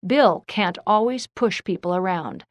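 A calm, fair-minded teenage boy, as a woman reads him, speaking in an even, steady way. Storybook telling in a close, dry recording. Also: medium pitch, measured pace, dry recording, dull audio, close to an everyday voice. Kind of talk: storybook reading.

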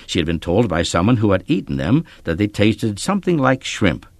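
Low-voiced, expressive male storyteller. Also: a little fast, no room sound. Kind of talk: scripted narration of a children's story.

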